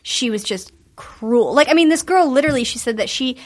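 A woman's voice: high voice, lively intonation, fairly quick. A young woman in casual podcast chat, talking in an emphatic, gossipy way.

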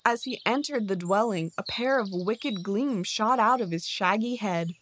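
A woman narrating a bedtime story in a slow, soothing way. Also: medium pitch, fairly bright tone, a little hiss or hum.

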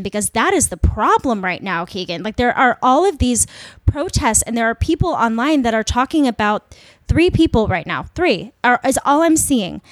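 A woman's voice: high voice, no echo. Impassioned woman podcast co-host, dry sound. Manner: impassioned, emphatic. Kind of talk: casual podcast discussion.

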